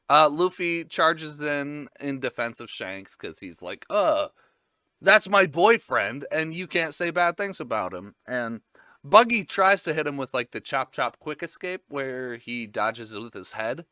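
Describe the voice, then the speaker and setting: A man's voice: medium pitch, pushed and bright, clear, resonant tone, dry recording, clean studio sound. A man casually recapping an anime episode, rambling and joking with frequent swearing.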